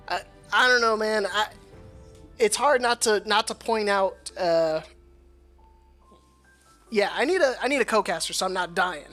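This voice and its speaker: A man casting a live esports match alone, excitable and laughing often, his voice worn hoarse from shouting. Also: high-pitched. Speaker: solo esports caster. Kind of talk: live esports play-by-play commentary.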